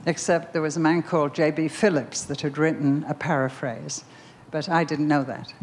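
An older woman speaking at a Christian gathering with a low voice. She tells her story animatedly, posing questions and stressing words. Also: fairly even intonation, normal speed, darkish tone, slight background noise. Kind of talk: personal storytelling talk.

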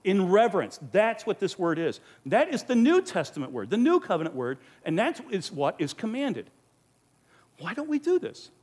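A pastor teaching a Bible study delivers an earnest, emphatic sermon into a microphone, posing rhetorical questions. His voice is high and darkish in tone, moving at a moderate pace with huge swings in pitch.

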